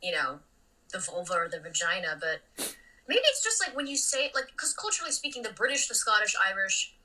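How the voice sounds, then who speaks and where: A woman comedian chatting casually as a podcast guest, blunt and animated, swinging between loud remarks and muttered asides. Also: mid-range voice, brisk, recorded from a distance, low-quality recording.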